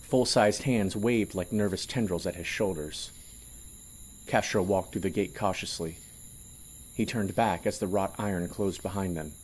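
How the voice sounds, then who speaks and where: Low-voiced man narrating a story. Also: a little mellow, slight background noise. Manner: measured, storytelling delivery. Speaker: narrator and producer. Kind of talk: scripted audio drama narration.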